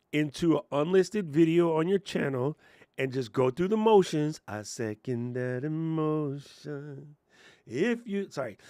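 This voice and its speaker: Male streamer, slightly high voice, dry close sound, sarcastic rant, casual tips. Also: dry recording. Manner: ranting, sarcastic, jokey, puts on mocking voices; laid-back and muttering while working the computer. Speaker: content creator giving tech tips. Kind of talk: casual livestream tutorial. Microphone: lapel mic on chest.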